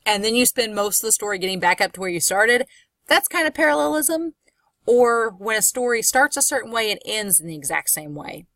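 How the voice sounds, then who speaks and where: A woman's voice: fairly high pitch, lively intonation, fairly quick, fairly bright tone, dry recording. A woman, a college English instructor, giving a recorded course lecture in a chatty, explanatory way, with frequent fillers and asides.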